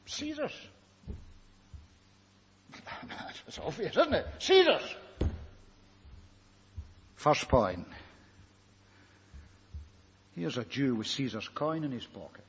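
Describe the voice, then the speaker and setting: A man's voice: on the high side, wildly swooping pitch, takes it slowly, long pauses, slight background noise. A man preaching a sermon, telling the story dramatically and firing rhetorical questions at his listeners. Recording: echoey hall, dull lo-fi recording.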